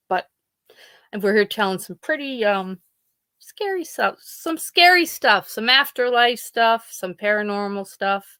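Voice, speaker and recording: A woman's voice: mid-range voice, expressive, unhurried, pushed and bright, clear, resonant tone, no echo. Chatty woman telling family stories. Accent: Pennsylvania. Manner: rambling storytelling, acts out quoted family members. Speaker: podcast host. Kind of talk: casual chat.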